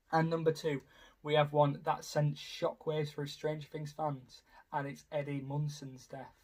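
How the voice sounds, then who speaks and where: Chatty young man, fairly high. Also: darkish tone. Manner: rambling, chatty, full of "you know" fillers. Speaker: YouTuber. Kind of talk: casual commentary ranking. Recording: voice a bit far from the mic.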